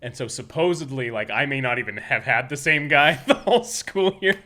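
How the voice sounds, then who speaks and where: A man's voice: medium pitch, expressive, moderate pace, bright, forceful tone. A man from Utah hosting a casual podcast, who tells meandering anecdotes full of restarts. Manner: rambling anecdotal storytelling with many restarts. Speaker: podcast host.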